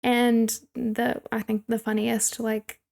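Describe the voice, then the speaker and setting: A woman's voice: on the high side, level tone, slow pace, creaky, a little mellow. A young woman co-hosting a podcast, casually recapping a movie and laughing often. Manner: chatty, laughs often, recaps plot scenes. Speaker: podcast co-host.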